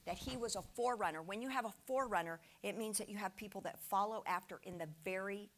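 A woman preaching a sermon with slides, animated and emphatic, often asking her listeners rhetorical questions. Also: medium pitch, fast talker.

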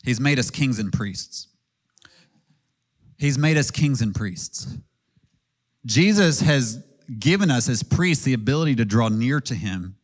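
A man in his thirties preaching in an earnest, conversational way, with a mid-range voice. He asks his listeners questions and pauses with ums between points. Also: mid-range voice, expressive. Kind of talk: sermon.

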